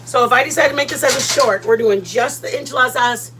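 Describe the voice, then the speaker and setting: Talking fast in a high-sitting voice over a noisy background, a woman hosts a relaxed cooking livestream from her kitchen at home. She chats playfully and greets viewers by name with loud bursts of excitement.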